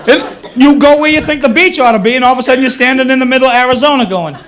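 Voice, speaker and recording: Racing along in a very high voice over background noise, a Boston-area comic in his thirties does a wry, self-mocking set at a comedy club. The audience laughs throughout this 1980s cable TV taping.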